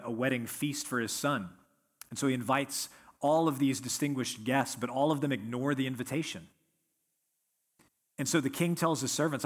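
A man preaching a sermon as pastor, earnest and emphatic, slowing down to stress key words. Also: medium pitch.

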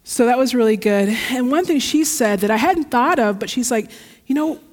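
A woman preaching a sermon in a church, telling a story in a lively, heartfelt way. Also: fairly high pitch, moderate pace. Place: church sanctuary. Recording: long church reverb.

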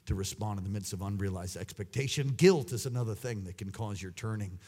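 A man preaching a sermon, swinging between loud exclamations and hushed asides. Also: fairly low pitch, fairly quick, few pauses.

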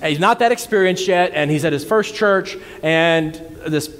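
A pastor delivers a sermon in an earnest, conversational way, often repeating words as he goes. His voice sits a little high and a bit bright, moving at a moderate pace with a long reverb tail.

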